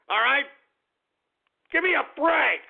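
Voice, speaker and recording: Man, radio host, profane rant, high pitch, narrow lo-fi broadcast audio. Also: expressive, slow pace, creaky. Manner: ranting, crude and profane.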